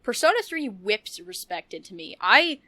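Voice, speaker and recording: A woman's voice: mid-range voice, very animated, moderate pace, sharp tone, no echo. A woman co-hosting a casual podcast, chatting in a rambling, gushing way with frequent restarts and giggles. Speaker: podcast co-host. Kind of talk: casual podcast chat about video games.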